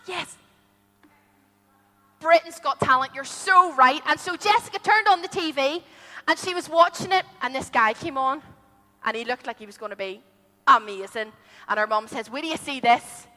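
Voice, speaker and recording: A woman telling a story to a group of children, animated and asking them questions as she goes. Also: high voice, moderate pace, long pauses. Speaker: children's storyteller at a church holiday club. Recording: long hall reverb.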